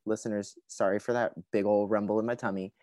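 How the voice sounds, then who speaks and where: An enthusiastic man guesting on a podcast, chatting casually and telling stories with animated energy. The sound is dry and close to the mic. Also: lowish voice, fast, no room sound. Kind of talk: casual chat.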